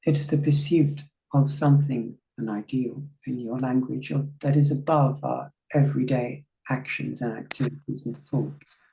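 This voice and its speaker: Man, class participant, mellow gravelly voice, measured. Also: mid-range voice, fairly even intonation, low-quality recording. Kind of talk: class discussion.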